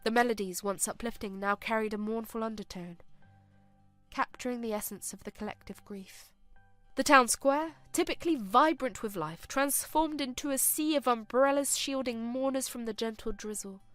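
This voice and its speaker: A woman's voice: a little high, moderate pace, fairly bright tone, no echo, soft background music. Solemn woman narrating a story. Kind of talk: scripted narration.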